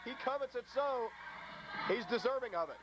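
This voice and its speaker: A hoarse man calling live play-by-play at a wrestling show, drifting into rambling asides full of fillers between the calls. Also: very high voice, lively intonation, normal speed, very noisy. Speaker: wrestling commentator. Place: ringside at a local wrestling show.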